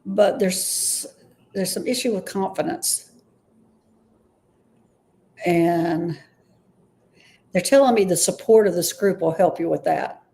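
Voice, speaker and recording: A woman's voice: fairly low pitch, slow, vocal fry, long pauses, dark tone. A woman giving a live-streamed intuitive reading, tentative and often unsure of the messages she passes on. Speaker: intuitive reader.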